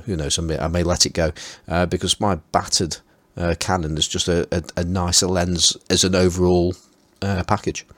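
A man with an English East Midlands accent co-hosting a casual podcast, talking in a halting way and repeating his words. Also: low voice, level tone, a bit bright, no echo. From England. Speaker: podcast co-host.

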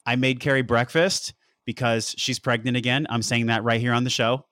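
A man's voice: mid-range voice, steady tone, moderate pace, sharp tone, no echo, clean studio sound. Earnest reflective male podcast guest. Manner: reflective, earnest, repeats words as he thinks. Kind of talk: casual conversation.

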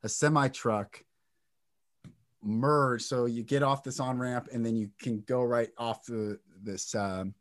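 An intense man tells a raw personal story, emotional and blunt, swearing freely. His voice sits in a middle pitch and is recorded close and dry, with no room around it. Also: fairly even intonation, slow, no room sound. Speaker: podcast guest. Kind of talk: candid interview talk.

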